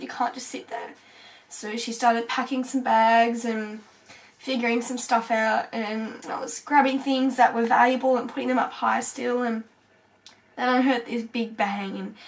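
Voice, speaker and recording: A young woman from Australia tells a personal story to camera, halting and tearful, with many fillers and pauses. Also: fairly high pitch, distant mic, low-quality recording. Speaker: vlogger.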